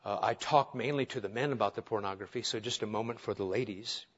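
A man's voice: on the low side, fast, husky. Earnest preaching man, lo-fi sound. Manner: earnest, emphatic preaching with rhetorical questions. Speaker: pastor. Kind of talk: sermon. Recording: dull lo-fi sound.

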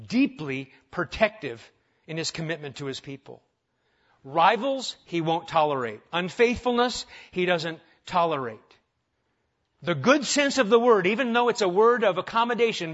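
A man's voice: on the high side, fairly bright tone, highs cut off. A male pastor preaching a conversational sermon, full of rhetorical questions and humorous asides.

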